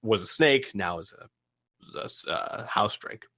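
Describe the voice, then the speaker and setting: Casting: male game master, bright tone, rambling casual narration. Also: on the low side, animated, slow pace, vocal fry. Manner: rambling, full of fillers and restarts.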